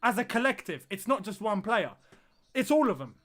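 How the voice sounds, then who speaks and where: A man's voice: high-pitched, sing-song, normal speed, a bit bright. A man streaming a football watch-along, reacting live to the match and repeating phrases as he groans and exclaims at the play.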